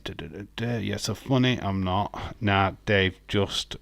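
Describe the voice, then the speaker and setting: A man's voice: on the low side, unhurried, gravelly, a bit bright, no echo. A man hosting a live watch-along, chatting casually and joking with his viewers, often laughing. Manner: talks to viewers and chat by name. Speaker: livestream host.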